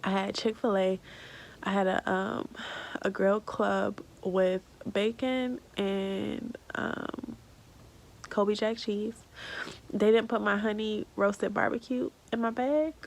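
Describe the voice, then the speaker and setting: Woman, 30s, vlogger with a strongly gravelly voice, tearful, rambling storytelling. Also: mid-range voice, a little slow, low-quality recording. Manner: rambling, many "like" fillers. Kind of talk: casual storytelling vlog.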